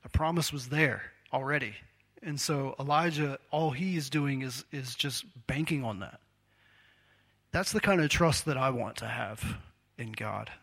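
A man's voice: medium pitch, unhurried, creaky, a bit bright, husky. A man preaching a sermon in a conversational, storytelling way, acting out the quotes he tells.

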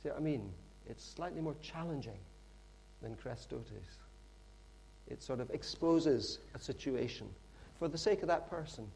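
A middle-aged man preaching a sermon in a lively, conversational storytelling manner with frequent asides. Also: mid-range voice, moderate pace, creaky, slight background noise.

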